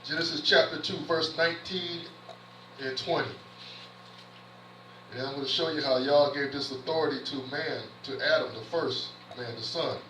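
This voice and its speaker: A man preaches with a bright, forceful voice that sits a bit high, repeating and restarting phrases as he builds his point and reads scripture aloud. The sound comes from a little way off the mic, with the roomy echo of a church and faint noise underneath. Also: moderate pace, recorded from a distance. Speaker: minister in training. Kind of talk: sermon. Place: church sanctuary.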